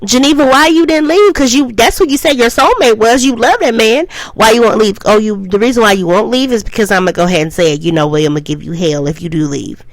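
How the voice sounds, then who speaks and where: A woman's voice: fast talker, few pauses, dry recording, rough recording. Chatty woman rambling through a TV review. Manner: chatty, rambling, repeats "I will say this"; emphatic, swings up high for emphasis. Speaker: TV show reviewer. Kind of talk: casual review vlog.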